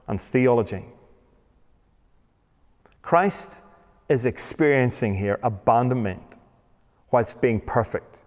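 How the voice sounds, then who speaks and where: Male preacher, mid-pitched, sermon with scripture readings, long hall reverb. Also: darkish tone. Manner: reads scripture aloud, slows down for emphasis.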